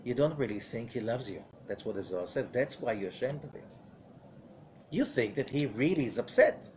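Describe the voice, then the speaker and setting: Man, rabbi, Zohar lesson, conversational, rhetorical questions, animated pitch. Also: moderate pace, a little hiss or hum. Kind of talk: Torah study lesson.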